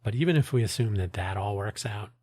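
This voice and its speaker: A man's voice: on the low side, expressive, quick pace, darkish tone, no room sound, studio quality. A man hosting his own podcast, talking in a rambling, wry way with frequent restarts and asides. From United States. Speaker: podcast host. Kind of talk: casual solo monologue.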